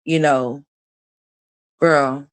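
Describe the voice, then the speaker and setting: A woman's voice: low voice, steady tone, very slow, clean tone, dry recording. A woman hosting reaction commentary, blunt and profane, firing off rhetorical questions. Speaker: commentary channel host.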